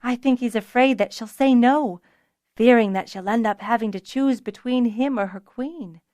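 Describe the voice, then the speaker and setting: A woman voicing a brisk, no-nonsense housekeeper with a dry, fond manner. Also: fairly high pitch, warm tone, dry recording, voice pushed up, close to an everyday voice.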